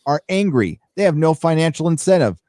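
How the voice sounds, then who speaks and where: A livestream host with a high-side, expressive voice and a dark tone talks fairly quickly, delivering an emphatic, profane casual rant packed with swearing and fillers as he reads out donations. The studio-quality recording has no echo.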